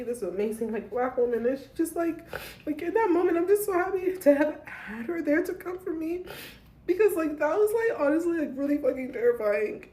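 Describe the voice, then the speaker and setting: A woman's voice: sits high, warm tone, roomy sound, rough recording. A young woman telling a frightening personal story to camera, shaken and full of restarts. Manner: shaken, talks fast with many likes and restarts. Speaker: vlogger.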